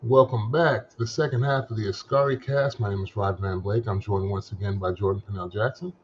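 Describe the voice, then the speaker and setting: A man's voice: on the low side, fairly even intonation, a little fast, dull audio, a little hiss or hum. A man hosting a podcast, casually recapping a film with loose, rambling sentences and fillers. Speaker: podcast host. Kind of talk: casual movie discussion.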